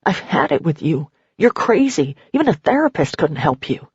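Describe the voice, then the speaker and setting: A woman's voice: deep voice, big pitch swings, normal speed, a little mellow, husky, no room sound, dull audio, full character voice. A woman reading the lines of a controlling, angry partner in a curt, scolding way.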